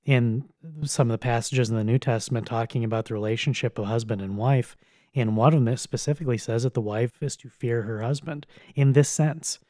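A man's voice: mid-range voice, steady tone, a little fast, mellow, no room sound, clean studio sound. A man teaching on a Bible passage in a casual, conversational and blunt way, with occasional chuckles.

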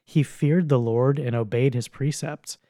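A man's voice: mid-range voice, steady tone, measured pace, warm tone, dry recording. Man, casual bible teaching talk, conversational, blunt, dry close sound. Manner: conversational, blunt, occasional chuckles.

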